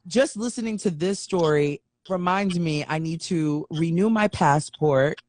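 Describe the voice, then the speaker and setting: A woman's voice: lowish voice, measured pace, a little mellow, no echo. Young woman hosting a casual chat. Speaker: host.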